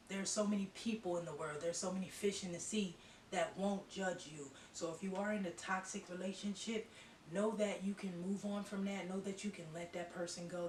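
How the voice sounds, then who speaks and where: A woman's voice: on the low side, darkish tone. A woman giving a channeled psychic reading to viewers, talking emphatically and bluntly, repeating herself and swearing. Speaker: psychic reader. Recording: roomy echo from a distant mic with faint hiss.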